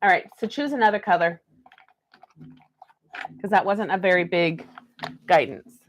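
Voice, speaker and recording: A woman's voice: fairly low pitch, a little slow, slight background noise. A woman hosting a live stream card reading, chatting and laughing between the messages she reads aloud. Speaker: card reader.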